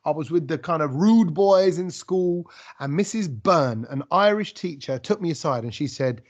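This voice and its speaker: A man hosting a podcast, telling stories in a rambling, animated way with lots of restarts. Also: on the high side, normal speed, highs cut off. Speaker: podcast host. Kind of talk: casual conversational interview.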